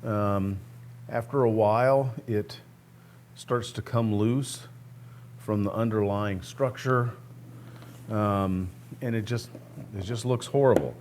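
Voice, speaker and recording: Guy with a lowish voice casually explaining his workshop teardown, plainspoken, a bit of hum in the background. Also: takes it slowly, long pauses. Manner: relaxed, plainspoken explaining while working. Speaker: host of a guitar restoration channel. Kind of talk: casual step-by-step how-to talk.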